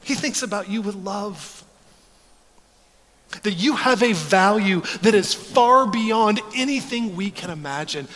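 A man in his forties preaching a sermon, telling stories in an animated, joking way. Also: high-pitched, unhurried, long reverb tail. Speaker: pastor.

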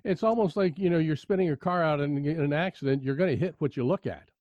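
A man with a slightly raised pitch tells a personal story in a relaxed, animated way, returning to the same phrases. His voice sounds dry and a little muffled, as if recorded close with no room sound. The talk is unhurried and conversational. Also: dry recording. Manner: animated anecdote teller, repeats key phrases.

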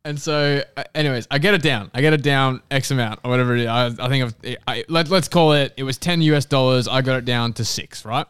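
A man's voice: mid-range voice, fast, hardly any pauses, a bit bright, smooth, dry recording, clean studio sound. An Australian man co-hosting a podcast, swearing and laughing often as he tells a story. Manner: laughs often, swears while telling stories. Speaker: podcast co-host. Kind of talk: casual chat.

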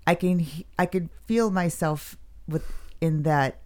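A woman's voice: deep voice, unhurried, mellow. A woman co-hosting a casual, unscripted podcast, chatty and self-conscious, laughing often. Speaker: podcast co-host. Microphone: podcast mic with headphones, home setup.

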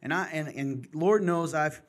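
Middle-aged male podcast host, a touch high-pitched; candid, passionate, conversational. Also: a little slow. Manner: passionate, candid, talks in bursts. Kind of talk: casual chat.

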